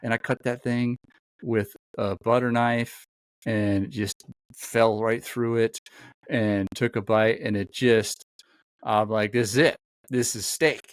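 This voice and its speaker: A man's voice: lowish voice, little pitch movement, takes it slowly, clean tone, no room sound. Rambling, easygoing man in casual chat. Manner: rambling storyteller, lots of fillers and restarts. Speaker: podcast host.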